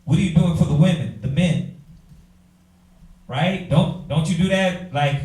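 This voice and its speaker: A man, teaching a Bible class in an animated preaching style, talking straight to the room. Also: on the high side, moderate pace, pauses often, far from the mic. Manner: animated, talks to the room, acts out quoted voices. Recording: echoey room from afar.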